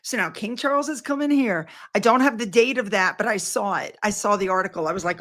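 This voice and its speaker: A woman's voice: mid-range voice, fairly quick, hardly any pauses, fairly bright tone. An older woman chatting casually to her viewers in a rambling, effusive way. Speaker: vlogger.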